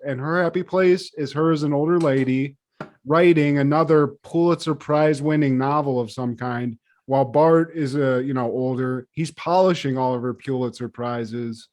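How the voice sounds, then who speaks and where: A man co-hosting a podcast in loose casual chat, retelling scenes in a profane, animated way. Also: on the high side. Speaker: podcast co-host.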